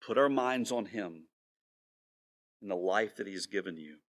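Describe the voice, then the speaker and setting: A male pastor delivering a sermon in an earnest way, slowing down to stress his words and now and then repeating himself. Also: lowish voice, animated.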